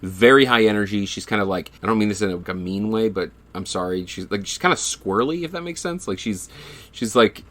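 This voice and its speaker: Podcast co-host, lower-pitched man, animated, laughs a lot, swears freely. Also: a little fast. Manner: animated storytelling, laughs often, swears casually. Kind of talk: casual movie review chat.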